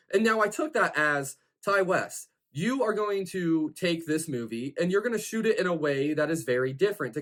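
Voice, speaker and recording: A man with a slightly higher-pitched voice talks through a horror film scene by scene. His delivery is casual and loose, and he keeps circling back with "like" and "you know" as he goes. It sounds like an informal review video. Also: fairly bright tone. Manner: rambling, full of "like" and "you know".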